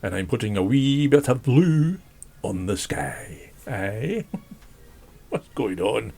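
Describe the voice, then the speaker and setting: Croaky, rambling man chatting while drawing. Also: lowish voice, very animated, slow pace, mellow. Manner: rambling, chatty, self-deprecating, laughs often. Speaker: drawing channel host. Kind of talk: casual chat while drawing. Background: faint classical music.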